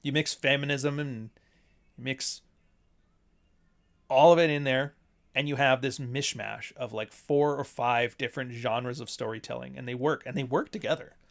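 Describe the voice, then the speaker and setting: A man hosting a casual livestream, an author telling stories in a profane, animated way and laughing often. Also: medium pitch, moderate pace, gravelly. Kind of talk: casual livestream chat reading super chats.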